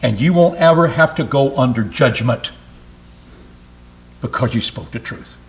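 A man's voice: medium pitch, lively intonation, measured pace. A man preaching a sermon in an earnest, emphatic way, often repeating phrases.

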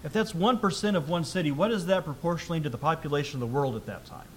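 A man preaching a sermon in a conversational way, asking rhetorical questions and reading scripture aloud more loudly. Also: on the high side, fast talker, a little hiss or hum. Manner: reads scripture aloud louder.

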